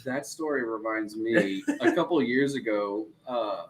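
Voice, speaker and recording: A man's voice: on the low side, measured pace, slight background noise, poor audio. A man co-hosting a casual chat, telling profane, joking stories. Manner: profane, joking, animated storyteller. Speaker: co-host.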